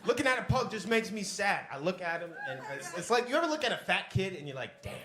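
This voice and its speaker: A man's voice: high voice, fast talker, heavy background noise. Brash profane male stand-up comic. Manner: brash, profane, animated delivery. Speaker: stand-up comedian. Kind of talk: stand-up comedy with crowd work. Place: comedy club stage. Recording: echoey club with loud crowd laughter. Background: audience laughter.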